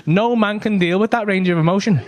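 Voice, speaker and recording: A man's voice: high-pitched, fairly quick. A young man doing a stand-up routine, rambling and swearing, working himself up into exasperated rants. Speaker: stand-up comedian.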